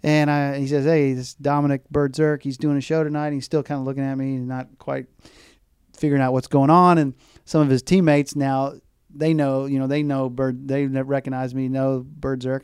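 A middle-aged man talks as a guest in an interview, telling long, animated stories and slipping into the voices of the people he quotes. His voice is mellow and resonant. The sound is dry and close. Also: mid-range voice, fairly quick, clean tone, dry recording. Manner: animated storyteller who acts out quoted voices. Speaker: baseball mascot performer, guest. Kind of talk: storytelling interview chat.

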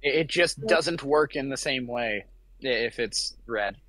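A man's voice: medium pitch, a little slow, a bit bright. A man giving friendly feedback in a casual group chat, stammering now and then.

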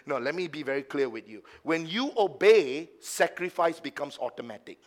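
A man preaching a sermon as pastor at a church service, swinging from hushed low asides to loud, emphatic passages and mocking the excuses of doubters. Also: sing-song, moderate pace. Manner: acts out the lines of doubters in a mocking tone.

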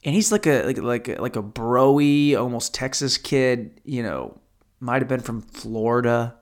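A man's voice: medium pitch, lively intonation, measured pace. A man telling a stand-up story, rambling, swearing and poking fun at himself. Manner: profane, rambling, self-deprecating. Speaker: stand-up comedian.

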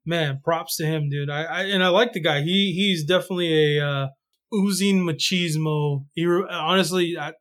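A man's voice: fairly high pitch, normal speed. Rambling man chatting about fights. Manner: relaxed, rambling with many fillers and restarts. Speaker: podcast co-host. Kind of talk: casual sports chat.

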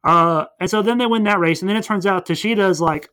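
Rambling young man recapping a movie. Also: high-pitched. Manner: rambling, animated retelling with quick voiced asides. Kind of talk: casual movie recap chat.

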